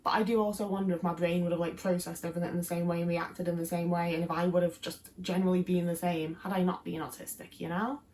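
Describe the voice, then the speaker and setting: A woman's voice: lowish voice, little pitch movement, quick pace, hardly any pauses, a little mellow, slight background noise. A young English woman with a Midlands accent, chatting casually to camera in a rambling way with lots of fillers. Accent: English, Midlands mixed with Liverpool. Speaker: YouTuber.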